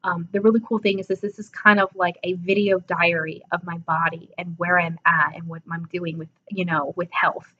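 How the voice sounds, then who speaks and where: A woman's voice: fairly low pitch, level tone, normal speed, hardly any pauses, a little hiss or hum. Woman in her 20s, casual vlog chat, drowsy and joking, muffled lo-fi sound. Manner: chatty, self-deprecating, laughs often. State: sleepy, yawning. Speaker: vlogger. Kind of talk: casual self-assessment vlog.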